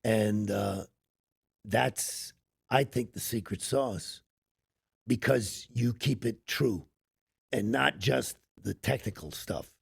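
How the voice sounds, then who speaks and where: A middle-aged man, an actor, chatting as a podcast guest in an emphatic, affirming way with a gravelly voice. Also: fairly low pitch, dry recording, clean studio sound. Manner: emphatic and affirming, lots of quick agreement. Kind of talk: casual interview chat.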